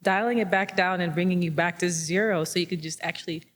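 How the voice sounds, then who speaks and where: Measured woman moderator in a reverberant hall. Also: lowish voice, steady tone. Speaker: event moderator asking a question. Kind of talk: asking a question on stage.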